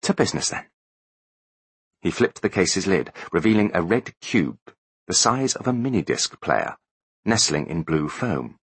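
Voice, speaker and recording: Male audiobook narrator, very low, husky, animated, bright tone, dry close recording. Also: a little slow, no echo. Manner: expressive storytelling. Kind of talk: scripted narration.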